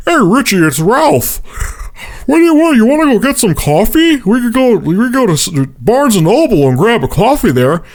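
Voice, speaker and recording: A man's voice: extremely high pitch, big pitch swings, moderate pace, pitched above the performer's own voice. A man voicing a creepy, overfamiliar male stalker on the phone who coaxes and talks down as if to family. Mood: eager coaxing. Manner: wheedling, treats listener like family.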